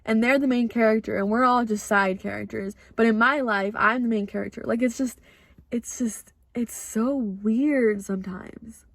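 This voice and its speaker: A woman's voice: a little high, moderate pace, creaky, no room sound. A young woman with an American accent hosting a podcast, telling a personal story in a rambling, earnest way with lots of "like" fillers. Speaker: podcast host.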